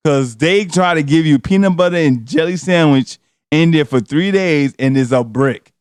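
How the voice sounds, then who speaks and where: A man, co-hosting a podcast and telling a comedic story in a loud, laughing, slangy way. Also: fairly high pitch, normal speed, clean tone, dry recording. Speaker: podcast co-host.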